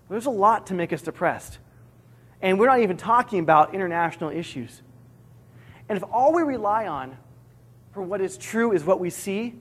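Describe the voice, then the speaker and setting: A middle-aged man preaching a sermon, earnest, slowing down to repeat each key point for emphasis. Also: sits high, breathy edge. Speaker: pastor.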